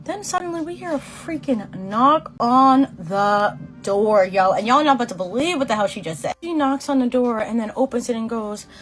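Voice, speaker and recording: A woman's voice: on the high side, moderate pace, hardly any pauses, soft background music. A young woman from Boston in her twenties, telling a slangy, swear-laced storytime while doing her makeup and acting out the people in it. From Boston, USA. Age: 20s. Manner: animated, slangy, swearing, quotes people in voices. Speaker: beauty vlogger.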